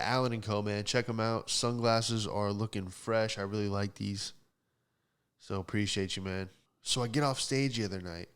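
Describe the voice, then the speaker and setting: Sarcastic young comedian ranting. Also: male voice, fairly low pitch, clear, resonant tone. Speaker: comedian and podcast host. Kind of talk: stand-up style monologue.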